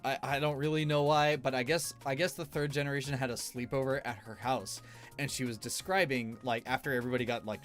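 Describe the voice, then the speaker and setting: A man streamer giving rambling, casual tier-list commentary, laughing often between fillers. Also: medium pitch.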